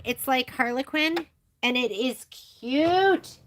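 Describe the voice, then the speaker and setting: A woman's voice: on the high side, lively intonation, measured pace, a bit bright. A woman chatting as she runs a live machine embroidery demo in a sewing shop, thinking aloud while she works. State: coughing at times.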